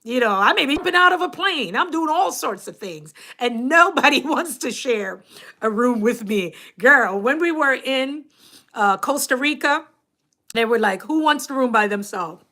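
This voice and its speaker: A woman with a Jamaican accent, hosting a casual livestream and chatting to her viewers, animated and laughing often. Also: sits high, normal speed. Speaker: YouTube coach and livestream host.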